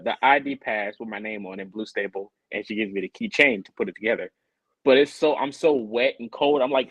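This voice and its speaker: A man co-hosting a podcast tells a long, casual story, jumping up in pitch whenever he acts out what someone said. His voice sits in a middle register. The sound is dry and close. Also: no echo, muffled recording. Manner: animated, acts out quoted people in a raised voice. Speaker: podcast co-host.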